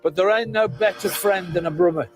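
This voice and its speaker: A man's voice: sits high, fairly quick, music in the background. A man in a casual interview, speaking plainly and informally.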